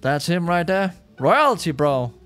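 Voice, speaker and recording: A man giving casual, excitable commentary as a gaming YouTuber, chatty and laughing often. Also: fairly high pitch, a little slow, faint music behind.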